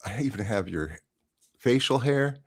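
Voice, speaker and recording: A man guesting on a live stream, teasing the host in a deadpan way. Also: mid-range voice, unhurried, no echo. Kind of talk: casual stream chat.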